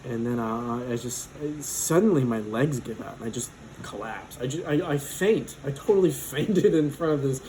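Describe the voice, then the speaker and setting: A man's voice: mid-range voice, animated, normal speed, few pauses, dark tone, a little hiss or hum, rough recording. A man in his twenties telling a personal story casually, rambling with lots of fillers and swearing.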